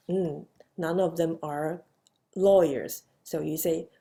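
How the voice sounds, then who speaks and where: Slow gravelly woman teaching grammar. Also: low-pitched, steady tone, warm tone. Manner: patient, with frequent fillers and repeated model phrases. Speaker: Chinese language teacher. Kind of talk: slow grammar lesson lecture.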